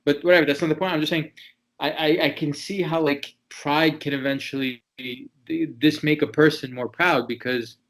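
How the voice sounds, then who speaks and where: A man's voice: a little high, fairly even intonation, normal speed, fairly bright tone, poor audio. Rambling man full of fillers. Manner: rambling, many fillers like "you know" and "like". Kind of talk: casual discussion.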